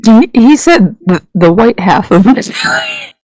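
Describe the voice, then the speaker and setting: A man's voice: extremely high pitch, huge pitch swings, unhurried, husky, no room sound. A man joining a stream over a voice call, butting in with teasing, playful remarks. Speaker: guest on voice call. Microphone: voice-call microphone.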